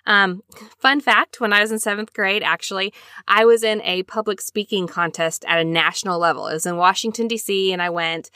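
A woman hosting a podcast, chatting casually through a scripture study, talking quickly and peppering her speech with "like.". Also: mid-range voice, fairly even intonation, sharp tone, clear, resonant tone, no room sound, clean studio sound. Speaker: podcast host.

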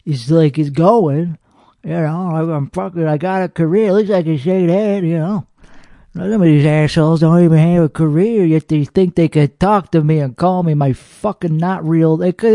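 A man's voice: sits high, dark tone, no echo. A man playing a hot-headed, boastful comedian who hosts a podcast, ranting with heavy profanity and rambling, belligerent talk. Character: hot-headed, foul-mouthed, boastful male comedian host. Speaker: podcast host. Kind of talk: comedic character monologue.

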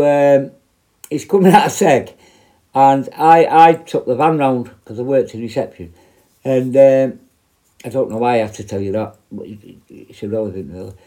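A man's voice: medium pitch, warm tone. A man with a British accent, a former prison officer, telling a rambling, heavily profane anecdote in a blunt, casual way.

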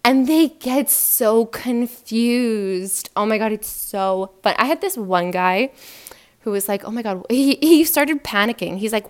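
A woman's voice: a little high, lively intonation, unhurried. A young adult woman hosting a solo podcast, talking frankly and animatedly and laughing often. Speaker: podcast host.

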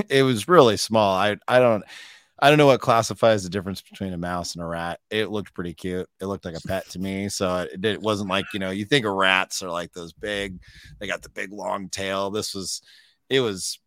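A man co-hosting a podcast, talking in a relaxed, rambling way. His voice sits very low, and the sound is dry and close. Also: normal speed, no echo. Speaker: co-host. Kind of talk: casual interview chat.

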